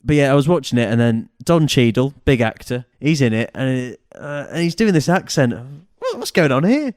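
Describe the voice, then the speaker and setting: A man's voice: mid-range voice, big pitch swings, normal speed, a little mellow. A man with a British accent hosting a comedy podcast, joking and mocking in casual banter. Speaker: podcast host.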